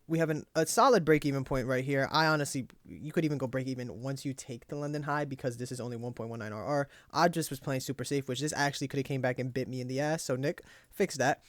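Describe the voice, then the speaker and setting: Speaking quickly and with few pauses, this young man has a voice on the high side, recorded dry and clean in a studio. He hosts a trading journal, casually going over his trades out loud, swearing plenty and pepping himself up through the frustration.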